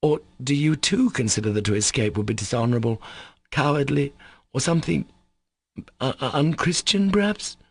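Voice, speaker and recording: A man's voice: a little high, lively intonation, normal speed, creaky, a little mellow, slightly rough, dry recording, pitched above the performer's own voice, heavily acted. A man voicing a proud, anguished young woman in an audiobook, who falters and stammers. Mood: defiant. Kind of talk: audiobook character voice.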